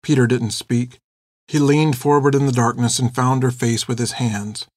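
A man giving measured, expressive scripted narration of a storybook. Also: medium pitch, dry recording, clean studio sound. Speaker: audiobook narrator.

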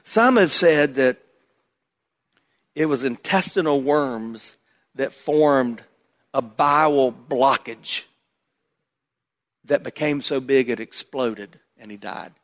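A man pastor preaching a sermon, swinging from loud emphatic bursts to hushed low asides. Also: takes it slowly, pauses often. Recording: long hall reverb.

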